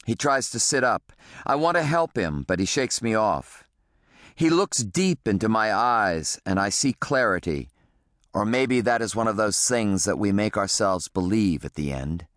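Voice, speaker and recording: A man narrates an audiobook in the first person, measured and reflective. His low voice moves with lively, varied intonation, and the recording is close and dry. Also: no echo.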